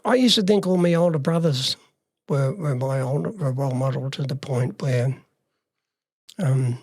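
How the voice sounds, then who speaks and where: A man's voice: mid-range voice, normal speed, a little mellow, husky, no room sound, studio quality. Older Australian man telling life stories. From regional Western Australia. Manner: long story told in plain words, acting out past dialogue. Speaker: interview guest, former youth worker. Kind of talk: personal storytelling in a conversation.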